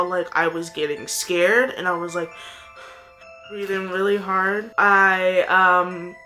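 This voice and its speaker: Bright-voiced young woman telling a story. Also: medium pitch. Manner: rambling, fillers, lots of "like". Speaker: vlogger. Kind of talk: casual storytelling.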